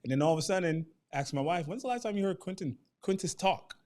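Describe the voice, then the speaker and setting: Man in his thirties, storytelling, animated, acts out quotes, town hall speaker. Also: high voice, fast talker. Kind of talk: personal storytelling.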